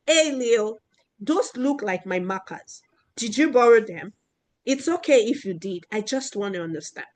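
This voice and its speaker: A woman voicing a kind, honest young girl in a children's story, reading her lines gently and calmly. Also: mid-range voice, unhurried, natural voice.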